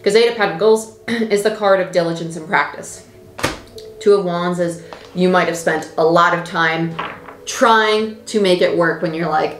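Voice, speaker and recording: Woman, lowish voice, tarot reader, chatty and emphatic, echoey room. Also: normal speed, slight background noise. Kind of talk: casual tarot reading.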